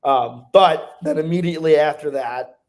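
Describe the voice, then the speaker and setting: A man co-hosting a casual racing talk show, giving emphatic, animated opinions. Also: fairly high pitch, moderate pace. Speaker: co-host. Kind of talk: casual racing podcast chat.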